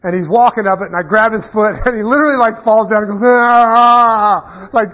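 High-voiced man preaching a casual sermon. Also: very fast. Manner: storytelling, casual and self-deprecating, with frequent restarts. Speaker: pastor. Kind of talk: conversational sermon. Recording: dull muffled lo-fi recording.

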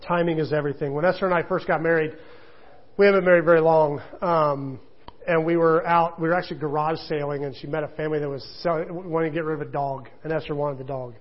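A man's voice: fairly high pitch, steady tone, fast talker, muffled recording. A middle-aged man preaching a sermon in a chatty, joking storytelling manner. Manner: conversational, self-deprecating storytelling with laughter. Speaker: pastor.

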